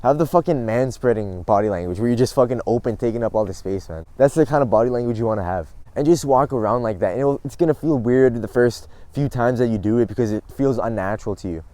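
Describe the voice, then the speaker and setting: Young male vlogger, warm low-key tone, blunt and profane, self-mocking. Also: quick pace, few pauses, no echo. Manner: blunt, swears often, laughs at himself. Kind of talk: casual advice monologue.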